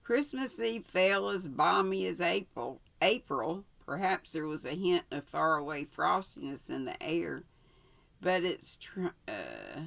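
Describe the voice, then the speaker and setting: An older woman, the channel host, reading a story aloud casually, unhurried and stopping to correct herself. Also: lowish voice, gravelly, fairly bright tone.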